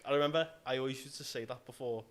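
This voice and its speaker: Fast-talking man, offhand. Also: fairly even intonation. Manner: quick, offhand opinions, quiet and low-key. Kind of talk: casual chat.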